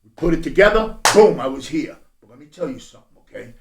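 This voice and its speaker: A man's voice: expressive, quick pace, few pauses, crowd noise. Blunt, profane middle-aged man in an echoey room. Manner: blunt and profane, swinging from low mutters to loud bursts. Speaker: podcast guest. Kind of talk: candid personal storytelling. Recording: roomy echo.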